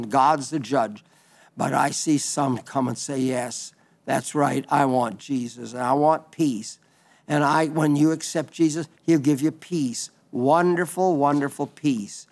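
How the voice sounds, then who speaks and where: A man with a somewhat high-pitched voice hosts a radio ministry, reading listener letters aloud and preaching between them. He talks in a folksy, unhurried way, often pausing on fillers and restarting his sentences.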